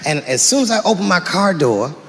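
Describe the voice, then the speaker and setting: Gravelly male comic on a live stage. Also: sits high. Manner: deadpan, drawn-out punchlines, profane. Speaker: stand-up comedian. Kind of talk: stand-up comedy set. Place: stage in a large hall before a live audience. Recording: echoey hall, crowd noise. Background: audience laughter and murmur.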